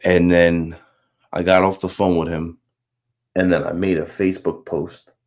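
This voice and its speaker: A man in his thirties with a low voice tells a personal story about faith in a loose, chatty way. He is full of fillers and restarts. He acts out the voices of the people in his story with animated bursts. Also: a little slow. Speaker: Marine recruiter.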